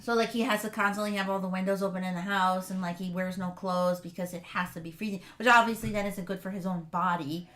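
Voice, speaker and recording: A woman's voice: mid-range voice, fairly even intonation, fast talker, few pauses, a bit bright. A young woman co-hosting a podcast, recapping a TV series in casual chat with lots of fillers and self-corrections. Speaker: podcast co-host.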